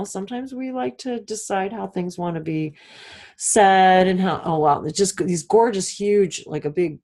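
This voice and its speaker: A woman hosting a casual spiritual chat, rambling and laughing, often poking fun at herself. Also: medium pitch. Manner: animated, laughing, self-mocking rambles. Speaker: spiritual talk host. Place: outdoors with birds overhead.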